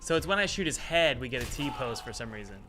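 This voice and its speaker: A man casually talking through his game development work at his computer, chatty and thinking out loud with exasperated asides. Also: medium pitch, animated, quick pace, noisy background. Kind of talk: casual devlog commentary while working.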